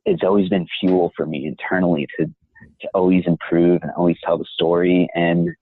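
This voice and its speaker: A young man, a voice actor, talking in a measured, reflective and encouraging way as an interview guest. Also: sits low, level tone, breathy edge, no echo. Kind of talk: interview conversation. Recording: tinny phone-like line.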